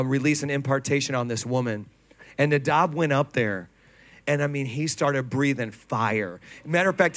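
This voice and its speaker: A man preaching to a congregation, telling stories with laughter and acted quotes. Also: fairly high pitch. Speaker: pastor. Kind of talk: sermon. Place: church stage before a congregation.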